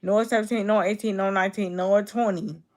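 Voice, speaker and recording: Talking fairly quickly in a mid-range, somewhat dark voice, a young woman of twenty keeps her intonation fairly even. She's a YouTube streamer in casual live-stream chat, blunt and repetitive, addressing commenters head-on.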